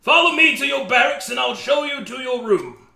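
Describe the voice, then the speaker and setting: Dude doing a loud cheery warrior trainer, high bright voice, big swoopy pitch, echoey. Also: male voice, animated, moderate pace, gravelly, heavily acted. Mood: hearty. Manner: loud, hearty and theatrical. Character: boisterous jolly male warrior trainer.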